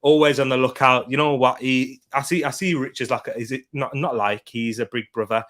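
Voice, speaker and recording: A young man talks casually into his home stream, tired but still chatty. His voice sits at a middle pitch as he gives slangy shout-outs and reads out comments from his viewers. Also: steady tone, moderate pace, hardly any pauses. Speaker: football watchalong streamer. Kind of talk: casual live-stream chat.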